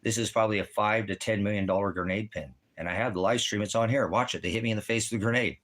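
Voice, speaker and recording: A man with a somewhat low voice holds forth in a crude, swearing monologue. He rambles and circles back on himself, agitated and repetitive throughout. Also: fast talker, fairly bright tone. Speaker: vlogger. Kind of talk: profane ranting monologue.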